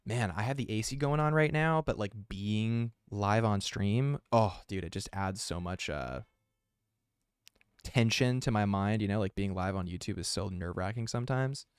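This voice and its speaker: Rambling low-voiced streamer guy. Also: moderate pace, clean tone, no room sound, clean studio sound. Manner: rambling and self-aware, heavy use of "like". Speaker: artist and live streamer. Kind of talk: casual live-stream chat while drawing.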